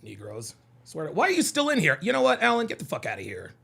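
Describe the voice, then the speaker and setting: A man's voice: fairly high pitch, huge pitch swings, quick pace, creaky, sharp tone, slightly rough. A man from the American South hosting a live call-in reaction show, talking in a profane, combative way and often repeating himself. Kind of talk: heated live reaction commentary.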